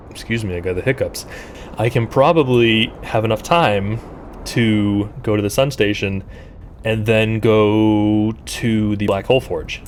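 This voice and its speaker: A man streaming a game live, thinking aloud and breaking into startled, high-pitched exclamations. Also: measured pace, a little hiss or hum. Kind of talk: live gameplay commentary.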